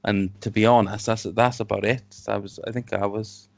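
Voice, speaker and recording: A man's voice: fairly low pitch, steady tone, normal speed, gravelly, no room sound. A man from Wales with a South Welsh accent chats as a podcast guest. He hesitates and rambles, often laughing at himself. The sound is dry and close. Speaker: guest, robot builder. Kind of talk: casual podcast chat.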